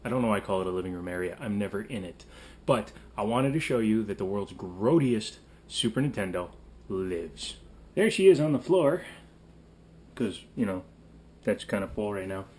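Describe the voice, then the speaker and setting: A man's voice: fairly low pitch, animated, moderate pace, darkish tone, breathy edge. A man in a casual vlog, rambling and joking as he shows off games he bought. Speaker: game collector vlogger. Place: home living room.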